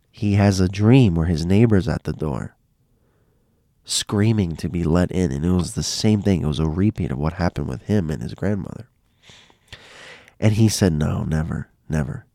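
A man's voice: low-pitched, lively intonation, measured pace, long pauses, dark tone, no echo, clean studio sound. A man telling stories in a loose, casual way, often repeating himself and restarting phrases. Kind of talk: casual spoken storytelling.

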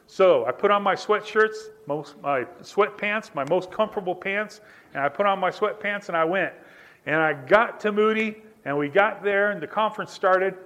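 A male pastor preaches in a high-pitched, fairly bright voice, telling a personal story conversationally. He speaks directly to listeners and builds emphasis by repeating and restating phrases.

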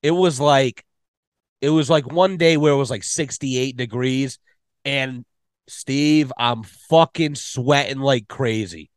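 A man's voice: mid-range voice, takes it slowly, no echo, studio quality. A man hosting a podcast, telling rambling, profane stories in casual chat. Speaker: podcast host.

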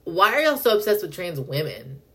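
Young female podcast host, low-pitched, fast and profane rant with sudden high jumps. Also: sing-song, slightly rough. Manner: fast, profane, heavy use of "like", indignant; pitch jumps up when worked up. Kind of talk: casual monologue rant.

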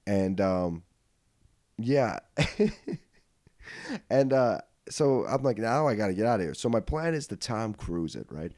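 A man hosting a podcast, telling a comedic story in casual chat. He swears freely, laughs as he goes, and swings from low mutters to loud outbursts on a studio mic. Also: no echo. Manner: animated, swings from mutters to yelling. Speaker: podcast host.

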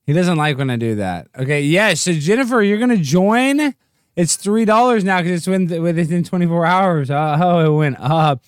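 A man hosting a livestream, rambling and joking, sometimes jumping into goofy high-pitched bits. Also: lively intonation, normal speed, clear, resonant tone, no room sound, clean studio sound. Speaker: livestream host. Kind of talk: casual livestream rant.

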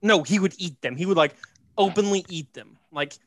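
A man casually telling a story on a podcast, joking and animated, tossing in "right?" and "like" as he goes. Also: high-pitched, moderate pace, no echo. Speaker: podcast host.

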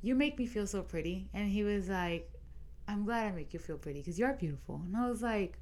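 A woman's voice: medium pitch, lively intonation, a little fast, a little mellow. A young woman in her twenties, co-hosting a podcast and chatting casually as she tells a long dream story, quoting everyone with "I was like". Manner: retells a dream with lots of "I was like" quotes. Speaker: podcast co-host.

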